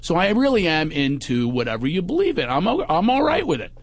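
Animated man acting out every voice. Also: fairly quick. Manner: acts out quotes in loud high voices. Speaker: comedian and podcast co-host. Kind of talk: animated storytelling chat.

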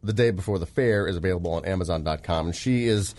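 A man hosts a radio show, talking fast in a lowish voice and tossing out jokes. The studio sound is close and dry, with no room around it. He keeps the banter moving. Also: a little mellow, no room sound. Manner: quick, joking banter. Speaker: radio host. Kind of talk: casual radio chat.

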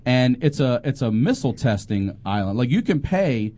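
A man's voice: mid-range voice, moderate pace, slight background noise. A man, a comedian and podcast host, telling a story in casual chat, swearing often and acting out quotes. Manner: profane, animated storytelling with acted quotes.

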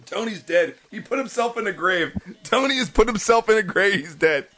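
A man's voice: high voice, expressive, moderate pace, pushed and bright, soft background music. A man hosting a live stream in casual chat, laughing helplessly and swearing between lines. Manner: giggly, laughing helplessly, profane. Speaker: streamer host.

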